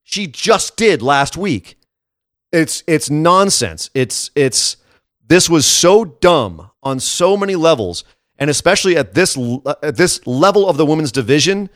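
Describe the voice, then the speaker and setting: A man co-hosting a casual podcast who rants with sarcasm and animated frustration. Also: a little high, a little slow, no echo, studio quality. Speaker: podcast co-host. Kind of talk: casual wrestling commentary chat.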